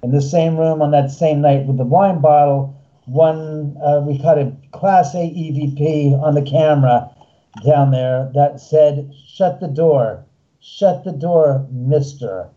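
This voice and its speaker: A man, a haunted house owner and filmmaker, telling an animated story and acting out the voices of the people in it. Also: a little high, slow pace, muffled recording. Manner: acts out quoted voices, excitable.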